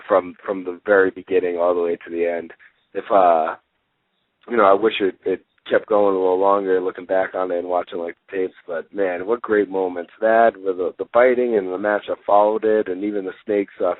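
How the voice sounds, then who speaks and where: A man in his twenties, a guest on a radio talk show, telling stories in a relaxed way with lots of fillers. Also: low-pitched, no echo. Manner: relaxed storytelling, many fillers, laughs easily. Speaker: guest wrestler. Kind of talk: casual interview. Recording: dry, tinny phone line.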